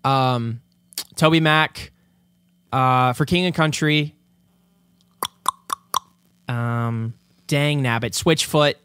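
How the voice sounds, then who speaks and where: A young man co-hosting a podcast, chatty and quick to laugh as he reads out listener questions. His pitch is average for a man. The sound is close and dry, with no room echo. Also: fairly bright tone, clear, resonant tone. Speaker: podcast co-host. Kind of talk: casual chat.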